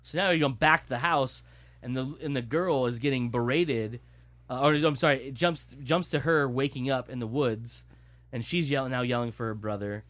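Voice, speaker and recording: A young man with a mid-range voice retells a movie plot at normal speed in casual chat. His storytelling is animated and profane, full of swearing and acted-out lines.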